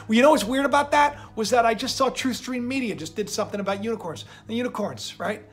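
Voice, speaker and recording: A man hosting his own channel, rambling through animated, conspiratorial commentary with lots of repetition. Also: high-pitched, fast talker, hardly any pauses, faint music behind. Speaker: channel host.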